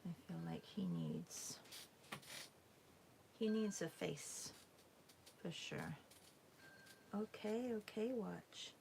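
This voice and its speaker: A woman hosting a live drawing class, chatting softly and musing while she draws, often dropping into a half-whisper. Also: fairly low pitch, huge pitch swings, drawn-out words, gravelly, long pauses, a little hiss or hum, rough recording. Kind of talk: casual chat while drawing.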